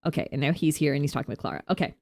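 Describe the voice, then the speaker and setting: A woman's voice: low voice, very fast, vocal fry, darkish tone, no echo. A young woman streaming a game, chatting casually and giggling as she rambles.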